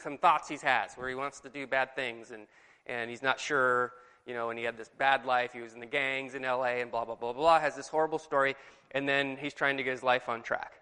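A man leading a conversational Bible lesson, asking his group questions in a lively, animated way. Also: medium pitch, clean tone, long reverb tail. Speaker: Bible study leader. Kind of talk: conversational sermon.

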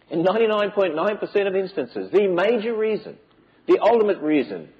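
A man's voice: a little high, muffled recording. A man giving an emphatic preaching lecture to a church audience, with many rhetorical questions. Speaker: speaker on biblical creation.

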